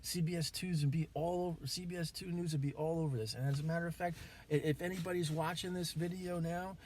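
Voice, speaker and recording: A man's voice: a little high, fairly even intonation, quick pace, a little mellow, a little hiss or hum. A man venting in a rambling, swearing vlog monologue, grieving and angry, with many restarts. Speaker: vlogger.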